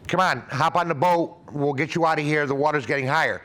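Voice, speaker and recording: A man voicing a motorboat rescuer, plain and brisk. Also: fairly high pitch, steady tone, fairly bright tone, close to an everyday voice.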